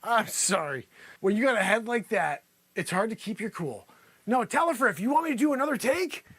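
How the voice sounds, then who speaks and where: Comedy host, male, unusually high and bright voice; rambles and teases in a mock newscaster delivery over faint music. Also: sing-song, brisk, husky, no room sound. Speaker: comedy news show host. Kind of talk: improvised mock news report.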